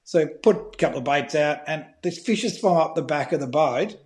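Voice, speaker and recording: A middle-aged Australian man telling fishing stories in a casual podcast chat, animated and swearing freely. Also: a little high, moderate pace. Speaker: guest, fishing filmmaker.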